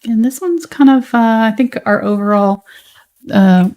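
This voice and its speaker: A woman with a light Southern US accent, teaching a live painting tutorial in a relaxed, chatty way while she paints. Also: on the high side, measured pace. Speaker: painting instructor.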